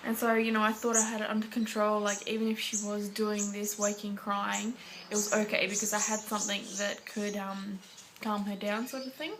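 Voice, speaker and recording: A woman's voice: mid-range voice, little pitch movement, normal speed, noisy background. An Australian woman chatting casually to camera as a parenting vlogger, rambling along with lots of fillers.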